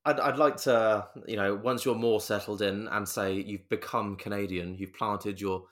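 A man's voice: fairly low pitch, fairly even intonation, normal speed. A man hosting a casual podcast interview, speaking in a hesitant way with many restarts. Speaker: podcast host.

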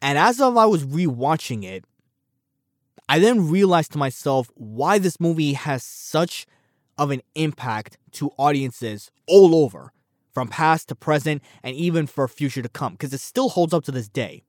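A man hosting a solo commentary podcast, rambling and animated, swearing freely as he talks. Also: fairly high pitch, unhurried, dry recording, studio quality. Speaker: podcast host.

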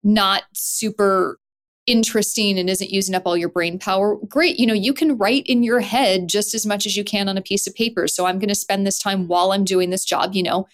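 A woman actor and writer talking as a podcast guest, animated, with her voice leaping up often. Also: a little fast. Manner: animated, with wide swoops up in pitch. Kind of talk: conversational interview.

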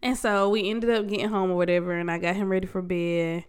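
Her voice is lowish with little pitch movement and a clean tone, and she talks fast. A congested young adult host, she rambles candidly through her solo podcast in slangy, conversational speech full of restarts.

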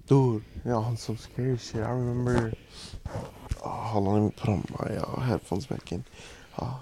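Gravelly young man telling stories. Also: medium pitch, steady tone, normal speed, warm tone, slight background noise. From Mexican family. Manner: profane, rambling anecdotes. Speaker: podcast guest. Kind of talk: casual storytelling chat.

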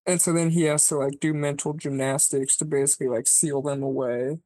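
A podcast co-host casually retelling a movie plot, rambling and swearing, filling every pause with "like" and acting out the characters' lines. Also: medium pitch, fairly even intonation, mellow, dry recording. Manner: rambling, profane, peppered with "like"; acts out characters' lines mid-story.

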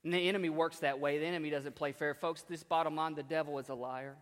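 Emphatic preacher in a reverberant hall. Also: male voice, a little high, steady tone, fast talker. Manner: repetitive, emphatic, conversational. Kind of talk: storytelling sermon.

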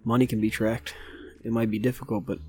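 A man player in a tabletop game, thinking aloud deliberately with restarts. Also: lowish voice, level tone, mellow, soft background music.

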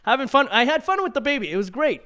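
A young man co-hosting a casual podcast chat, an animated storyteller who laughs often. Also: very high voice, fast. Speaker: podcast co-host.

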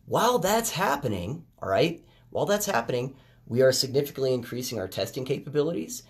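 Casual male podcaster, mid-pitched, chatty monologue that turns animated on key points. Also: a little fast. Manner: conversational, animated when making a point. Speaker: podcast host. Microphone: headphones with phone recording.

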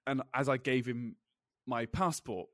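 A British man hosts a relaxed podcast conversation. He rambles through anecdotes with stumbles, restarts and laughter, at a middling pitch. The sound is dry and close. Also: unhurried, no echo. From Britain. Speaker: podcast host. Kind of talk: casual podcast chat.

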